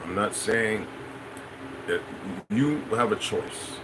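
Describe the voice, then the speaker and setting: This livestream host talks slowly in a lowish voice against a noisy background. He meanders and repeats himself while speaking straight to people in the chat.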